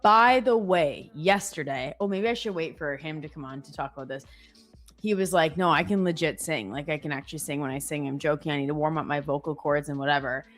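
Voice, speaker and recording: A woman's voice: deep voice, fairly quick, soft background music. A young adult woman co-hosting a live trading stream, talking casually and jokily with lots of fillers. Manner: chatty, lots of "like", jokey. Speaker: trader co-host on a live stream. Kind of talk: casual chat.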